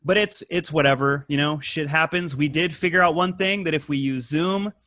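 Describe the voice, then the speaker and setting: A man hosting a casual podcast, rambling and swearing a lot, with animated retellings of stories. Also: on the high side, moderate pace, no room sound, clean studio sound. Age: adult with wife and kid. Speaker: podcast host. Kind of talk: casual profane chat.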